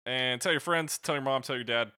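A man's voice: medium pitch, a little fast, sharp tone, clean tone, dry recording, studio quality. A man co-hosting a podcast, chatting casually and joking through the sign-off. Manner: jokey, laughing, loose wrap-up patter. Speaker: podcast co-host.

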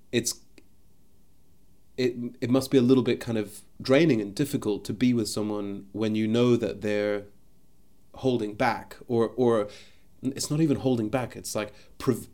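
Guy doing a solo podcast, lowish voice, thoughtful, keeps restarting himself. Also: darkish tone. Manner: thoughtful, searching, restarts often, speaks from the belly. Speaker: podcast host. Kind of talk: reflective solo podcast monologue. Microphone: podcast microphone.

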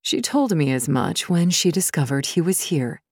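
A woman voicing a composed woman who runs a retreat and speaks evenly and with measured polish. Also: deep voice, very animated, a little mellow, slightly rough, no room sound, studio quality, heavily acted.

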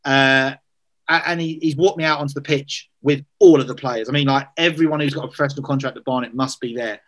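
A man's voice: medium pitch, steady tone, fast, a bit bright. A man, telling a story in casual chat, self-deprecating, full of fillers and restarts.

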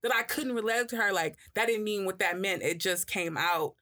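A podcast co-host with a medium-pitched voice and moderate pace tells stories in casual conversation. She's an animated storyteller who acts out the voices of people she quotes, laughing and swearing freely.

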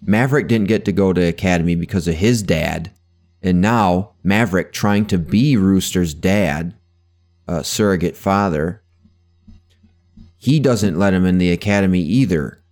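A young man talking through a film with friends in a relaxed podcast chat. His voice sits fairly low and he laughs easily, cutting in eagerly when he has a point to make. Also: unhurried. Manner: animated, laughing, jumps in and interrupts. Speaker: podcast co-host. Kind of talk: casual movie discussion.

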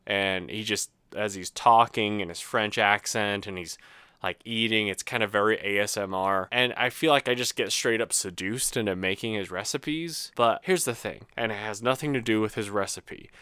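Smooth-voiced man venting casually. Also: fairly low pitch, normal speed, sharp tone, no echo, clean studio sound. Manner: rambling, self-mocking venting with laughs. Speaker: host. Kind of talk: casual solo monologue.

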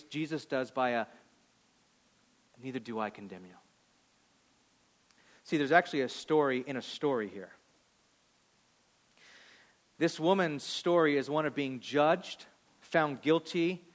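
A male pastor delivering a sermon, building to loud emphatic peaks and dropping to hushed quoted lines, acting out voices from the story. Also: mid-range voice. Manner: acts out voices of people in the story.

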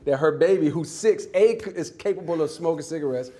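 Man telling a childhood story with animated energy. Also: a little high, fairly quick. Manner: animated, acts out quoted voices, restarts often. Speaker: interview guest. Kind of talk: storytelling in an interview.

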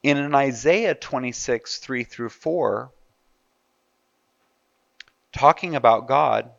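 A man's voice: mid-range voice, slow pace, vocal fry, a bit bright, no echo, lo-fi sound. A man preaching a sermon in a conversational way, asking his listeners rhetorical questions. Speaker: pastor.

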